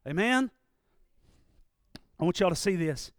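A man preaching a sermon in a church, moving from quiet, confiding talk up to loud, shouted preaching. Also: very high voice, expressive, moderate pace, clear, resonant tone, dry recording, clean studio sound. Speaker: pastor. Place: church sanctuary.

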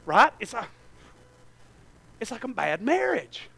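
A man pastor preaching a sermon in a church, swinging from hushed asides to near shouting and calling out to the congregation. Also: very high-pitched, wildly swooping pitch, slow pace, vocal fry, slightly rough.

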